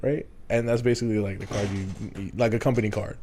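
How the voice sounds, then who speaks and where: Mellow-voiced man telling a rambling story. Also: fairly low pitch, fairly even intonation, brisk, slight background noise. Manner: rambling, profane, laughs often. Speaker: podcast co-host. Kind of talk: casual storytelling chat.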